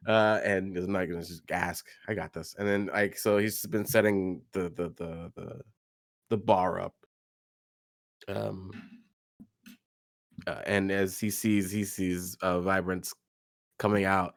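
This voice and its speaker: A man describes what his character is doing in a tabletop game, rambling and packing his talk with fillers. His voice is low, and the sound is dry and close. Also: little pitch movement, unhurried, long pauses, no echo. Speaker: player.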